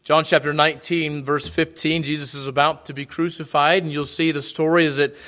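A male pastor preaching in a measured, direct way. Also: a little high, level tone, fairly bright tone. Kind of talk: sermon.

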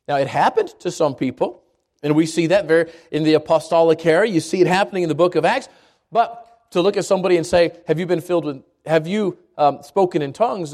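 A man from Albuquerque preaching a sermon at a church service, moving between quick asides and slow, emphatic lines. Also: fairly high pitch, a little mellow. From Albuquerque, New Mexico. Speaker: pastor.

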